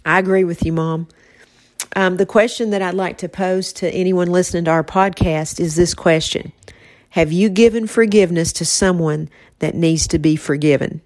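A woman hosting a faith-based podcast, talking in a soft, reflective way with her mother. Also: fairly low pitch, fairly even intonation, moderate pace, no echo, studio quality. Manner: soft-spoken, reflective, emotional at times. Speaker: podcast host.

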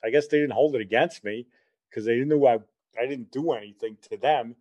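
A man's voice: medium pitch, fairly quick, darkish tone, muffled recording. An older man telling a rambling, folksy personal story, acting out the dialogue as he goes.

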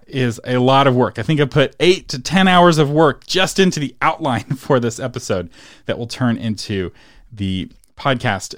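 Male solo podcast host, casual and chatty, average pitch, dry studio sound. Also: no room sound. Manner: casual, chatty, laughs between points.

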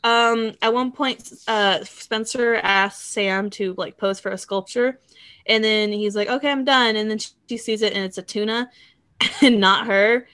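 A woman's voice: medium pitch, steady tone, a bit bright, clear, resonant tone, dry recording. A woman in casual chat who reads out funny quotes from a TV show and laughs often. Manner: laughs often, reads lines in quick bursts.

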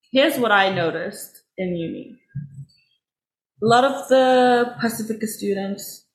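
A woman in her twenties with a Cook Islands accent, a university student answering interview questions thoughtfully. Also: on the low side. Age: 20s. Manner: slow and thoughtful, frequent laughter as a listener. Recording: roomy echo, faint background noise.

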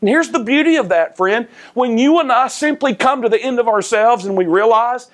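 A male pastor preaching a sermon. His voice climbs high and loud for emphasis, then sinks low and soft. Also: lively intonation, normal speed, hardly any pauses.

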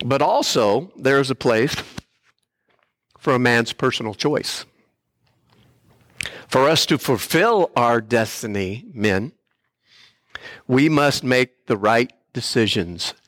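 An older man, a grandfather, giving a heartfelt sermon in a church as a guest speaker who pastors missionaries. He speaks earnestly and clears his throat often. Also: medium pitch, fairly bright tone, no echo, studio quality.

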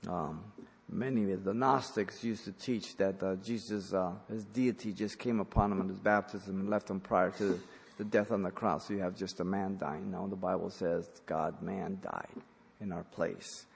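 A man preaching an expository sermon, swinging between emphatic, louder passages and quiet, low stretches. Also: steady tone, normal speed, gravelly, breathy edge. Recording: long hall reverb.

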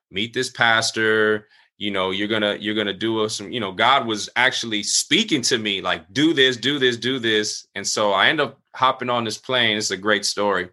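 A middle-aged man, a pastor, telling a personal story in casual conversation, full of fillers and acting out other people's lines in a raised voice. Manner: animated, acts out quoted voices at higher pitch.

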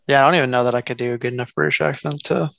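A man's voice: mid-range voice, sing-song, racing, fairly bright tone, dry recording, lo-fi sound. A man, co-hosting a casual sports podcast, loose and joking. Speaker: podcast co-host. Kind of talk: casual chat.

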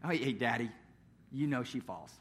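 A man puts on a sheepish four-year-old boy who has been caught misbehaving. He gives a meek, evasive mumble, dropping much lower and quieter than his normal voice. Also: expressive, moderate pace, noisy background, close to an everyday voice.

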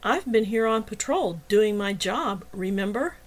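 A woman's voice: mid-range voice, expressive, measured pace, close to an everyday voice. A woman reading an angry sneering male cop. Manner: loud, harsh, sneering.

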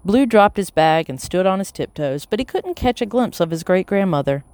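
An audiobook narrator reading a children's chapter book in a steady, even voice. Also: medium pitch, moderate pace, no echo. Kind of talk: scripted storybook narration.

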